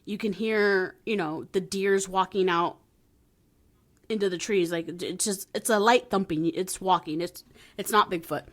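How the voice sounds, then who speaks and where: A woman in casual podcast chat, telling a story with lots of laughter and calm, soothing quoted lines. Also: mid-range voice, normal speed. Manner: animated storyteller, laughs often, soothing when quoting herself. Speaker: podcast co-host.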